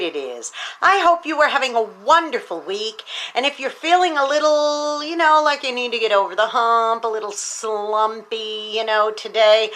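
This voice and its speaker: Woman, devotional talk host, chatty, encouraging, bright and crisp voice, somewhat high. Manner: chatty and encouraging, with many fillers. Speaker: teacher and speaker hosting a devotional show.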